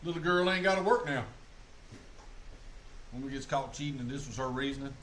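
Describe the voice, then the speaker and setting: A man's voice: medium pitch, fairly quick, a bit bright, slight background noise. A man streaming reaction commentary, joking crudely and mocking the clips he plays.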